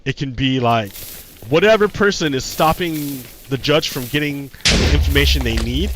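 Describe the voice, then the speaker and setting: A man's voice: mid-range voice, lively intonation, normal speed, background noise. A man talking casually on a livestream, heated and profane, often repeating himself. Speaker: streamer.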